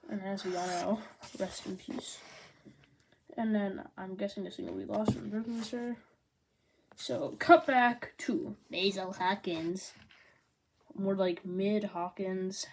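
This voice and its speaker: A woman giving a casual manga review, rambling and excitable, with lots of "like" fillers. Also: mid-range voice, slow pace, a little hiss or hum.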